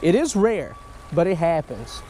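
Excitable man fishing a creek. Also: on the high side, unhurried, slight background noise. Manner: excitable, swings from hushed to yelling. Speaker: fishing vlogger. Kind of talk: casual outdoor fishing vlog. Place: outdoors by a creek.

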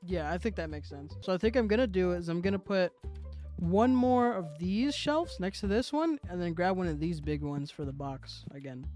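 A man's voice: sits high, a little mellow. A man giving playful, joking commentary as he plays a video game, bantering with the customers in the game. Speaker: gaming video creator.

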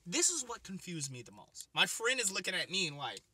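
A young man telling a comic story as a vlogger, animated and expressive, swinging between loud bursts and muttered asides. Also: high-pitched, a little fast, slightly rough. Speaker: comedian vlogger.

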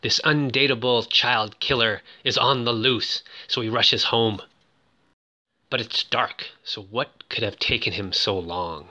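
A man's voice: mid-range voice, measured pace, sharp tone, highs cut off. A man giving a casual, joking commentary on a film, with lots of "ooh" asides. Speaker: movie recap host.

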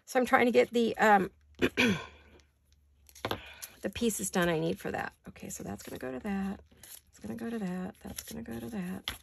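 A woman's voice: mid-range voice, normal speed, gravelly, pauses often, a little hiss or hum. An older woman chatting casually while doing paper crafts at her desk, rambling with apologetic asides. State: hiccups.

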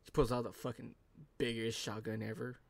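A man's voice: medium pitch, level tone, brisk, vocal fry. A young man giving profane, joking let's-play commentary and laughing often. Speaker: gaming channel host.

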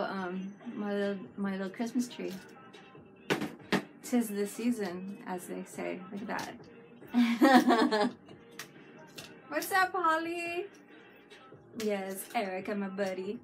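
Woman, casual live-stream host, laughs a lot, mid-pitched, music bed behind. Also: steady tone, unhurried. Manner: chatty, giggly, talks to viewers in chat.

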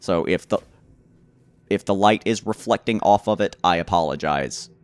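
A man giving let's play commentary on a horror game, rambling to himself with stammered restarts and sudden loud excited outbursts. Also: low voice, moderate pace, clear, resonant tone, soft background music. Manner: rambling nervous self-talk, repeated stammered restarts. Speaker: gamer playing a horror game.

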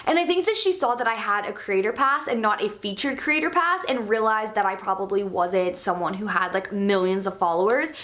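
A young woman YouTuber in a casual storytime chat, talking with lots of "like" and retelling events with animated energy. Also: medium pitch, a little fast, hardly any pauses. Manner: chatty, filler-heavy with constant "like", animated retelling.

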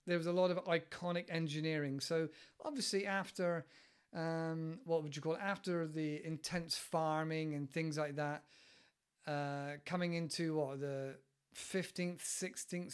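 A man's voice: a little high, clear, resonant tone. Rambling British man on a podcast. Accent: British English. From United Kingdom. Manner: rambling, thinking aloud with many fillers and restarts. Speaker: podcast host. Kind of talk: casual solo podcast talk.

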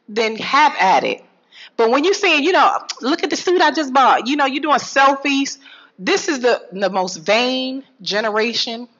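Woman, health talk to audience, lively pitch swings, higher voice, muffled lo-fi sound. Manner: animated, preacherly, swings between low asides and loud high calls. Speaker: health speaker addressing an audience. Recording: dull lo-fi sound.

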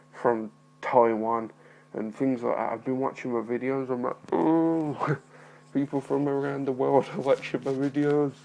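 Young male vlogger, gravelly, mild speech impediment, shy and apologetic, recorded on a phone. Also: medium pitch, darkish tone, a little hiss or hum, poor audio. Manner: nervous, apologetic, rambling with many fillers. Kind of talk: casual talking-to-camera vlog.

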